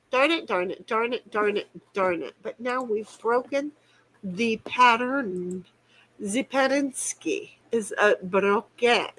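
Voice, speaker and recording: A woman's voice: medium pitch, a bit bright, low-quality recording. A woman hosting a game stream in casual chat, rambling and playful, laughing and swearing freely. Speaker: streamer host.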